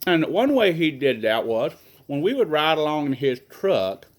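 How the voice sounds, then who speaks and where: A man's voice: on the high side, very animated, moderate pace, rough recording. A middle-aged man casually telling rambling, earnest stories from his childhood in a folksy way. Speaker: vlogger telling family stories. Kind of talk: casual personal storytelling.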